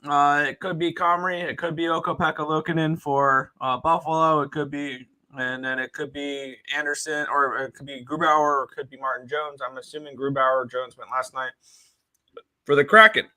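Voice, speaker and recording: A man with a very bright, sharp voice breaks down a slate of betting picks over a video call. He speaks matter-of-factly and runs through lists of names quickly. His voice sits a little higher than most men's. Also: flat delivery, low-quality recording. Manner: matter-of-fact, rattling off player names. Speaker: sports handicapper guest. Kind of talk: sports betting analysis.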